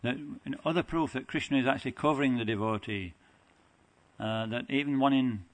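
A man gives a devotional lecture in a middling, ordinary voice. He talks haltingly, often stopping to restart or correct himself as he explains a scripture story. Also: medium pitch.

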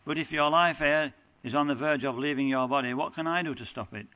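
A man's voice: a little high, brisk, pushed and bright, rough recording. A man reading aloud the part of a tender, teasing young divine lover, plainly and earnestly from a scripture text.

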